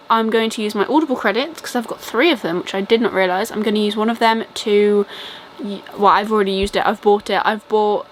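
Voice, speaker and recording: A woman's voice: medium pitch, a bit bright, a little hiss or hum, rough recording. A young British woman with a British accent chatting casually through a reading update, rambling with lots of ums and likes. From Britain. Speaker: book vlogger.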